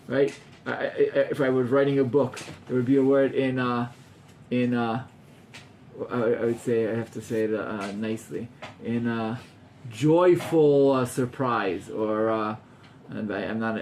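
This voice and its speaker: A man's voice: mid-range voice, steady tone, a little slow, gravelly, darkish tone, slight background noise. A man, a rabbi teaching an informal class to students, talking animatedly and acting out scenes with gasps while mixing in Hebrew terms.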